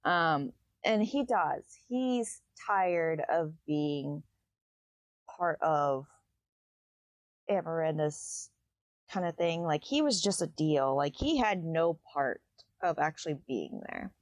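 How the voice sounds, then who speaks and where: A woman's voice: low voice, lively intonation, slow, no room sound. Woman podcast host, casual book recap, chatty and loose, dry close sound. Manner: chatty, loose, with many fillers.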